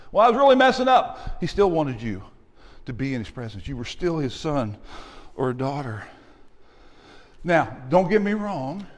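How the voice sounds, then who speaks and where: High-voiced preaching man, hall reverb. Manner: animated preaching with call-outs to the congregation. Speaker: pastor. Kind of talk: sermon. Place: church sanctuary.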